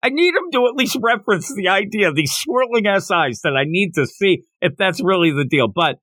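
A man co-hosting a manga podcast, chatting casually and acting out character lines in quick asides. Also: high-pitched, expressive, fairly bright tone, no room sound. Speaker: podcast co-host. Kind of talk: casual chat.

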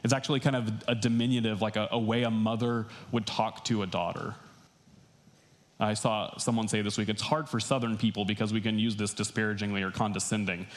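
A man's voice: fairly low pitch, steady tone, a little fast. Conversational man preaching a sermon. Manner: conversational, with asides and laughs. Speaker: pastor.

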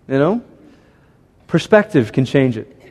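A man's voice: medium pitch, measured pace, breathy edge. Man preaching in a reverberant hall. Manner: animated storytelling with voiced characters and animal noises. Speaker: pastor. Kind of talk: sermon. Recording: long reverb of a large hall.

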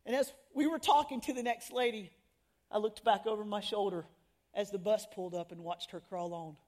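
A middle-aged woman telling stories in a sermon to women, animated and laughing at herself, acting out the people she quotes. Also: medium pitch, brisk. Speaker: women's ministry speaker.

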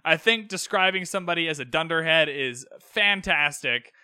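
A young man with a high, very bright voice talks through a recap in a loose, rambling way, full of exasperated asides and strong opinions. The sound is dry and close, with almost no room around him. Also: lively intonation, moderate pace, clean tone, dry recording. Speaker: podcast host recapping a TV episode. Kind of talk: casual solo recap podcast.

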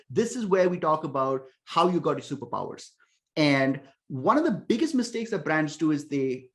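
Podcast guest, male, lively pitch, emphatic explainer, restarts mid-thought. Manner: animated explainer, emphatic, repeats words when thinking. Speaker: podcast guest, ecommerce conversion expert. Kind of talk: casual podcast interview.

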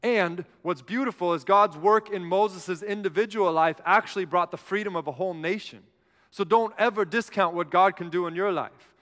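Male pastor, fairly high smooth voice, earnest sermon delivery, long hall reverb. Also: normal speed. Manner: earnest, animated storytelling, acts out a whiny Moses.

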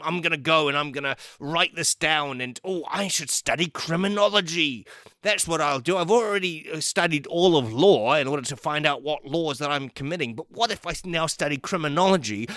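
A man rambles through a comic riff, getting more and more excited as he goes and tripping over his own restarts. His voice is bright and a little tense, set fairly high. It sounds close and dry, with no room around it. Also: no room sound. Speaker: podcast host.

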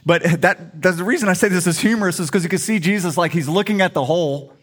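A man's voice: high voice, fast. Conversational middle-aged male preacher. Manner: humorous, conversational storytelling. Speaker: pastor. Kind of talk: sermon.

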